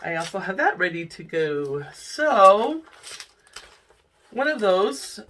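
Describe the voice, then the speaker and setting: A woman's voice: medium pitch, sing-song, slow, a bit bright, far from the mic. A middle-aged woman chatting casually to camera about her cross-stitch projects, rambling and laughing often. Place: home room.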